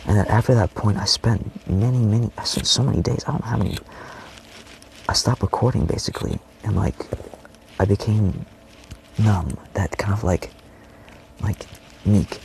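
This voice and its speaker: A low, gravelly male voice talking on and on in a loose personal monologue, heavy with swearing and restarts. He keeps slipping into hushed, breathy whispers. A faint hiss of noise sits under the recording. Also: moderate pace, long pauses. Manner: profane, rambling, often dropping to a whisper. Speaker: vlogger.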